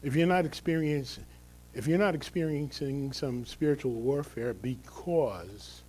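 A man's voice: mid-range voice, unhurried, dark tone, a little hiss or hum, rough recording. A male pastor giving a conversational, emphatic sermon, often checking in with the congregation through tag questions.

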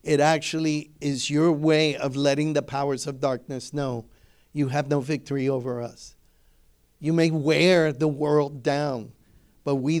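A man's voice: mid-range voice, a little mellow. A middle-aged man, a pastor, preaching a sermon emphatically and building his points through repetition.

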